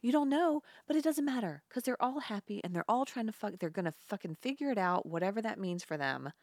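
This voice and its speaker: A woman's voice: medium pitch, animated, fast, dry recording, studio quality. A woman co-hosting a casual chat, retelling a film's plot with laughs and casual swearing. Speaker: podcast co-host. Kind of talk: casual film recap chat.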